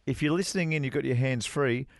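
A middle-aged man spins a lively yarn on a casual radio chat show, jumping into other people's voices as he quotes them. His voice sits at an ordinary pitch and sounds dry and close, with no room around it. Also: fast talker, no room sound. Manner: animated anecdote-teller, voices other people. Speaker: co-host, former touring golf pro.

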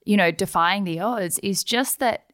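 A woman's voice: mid-range voice, unhurried, dry recording. A woman hosting a podcast, chatting casually and full of encouragement. Her voice sits mid-range and is recorded dry and close. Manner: warm, effusive and encouraging. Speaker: podcast host. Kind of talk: casual interview chat.

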